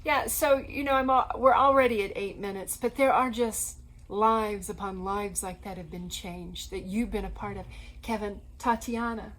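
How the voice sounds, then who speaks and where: A woman's voice: mid-range voice, moderate pace, rough recording. Earnest woman telling ministry stories. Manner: earnest, animated storyteller. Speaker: co-host of a Christian ministry program. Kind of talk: storytelling conversation.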